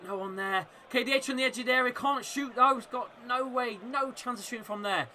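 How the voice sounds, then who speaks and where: A man hosting a live fan watchalong, commentating on the match and shouting encouragement at his team. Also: high-pitched, brisk. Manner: chatty, reacting and laughing at misses. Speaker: football fan watchalong host.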